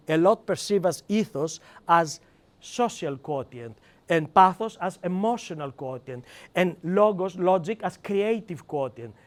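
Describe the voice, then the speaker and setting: A man with a Greek accent leading a live seminar, emphatic and animated, acting out quoted lines and calling on audience members by name. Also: sits high. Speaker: seminar trainer.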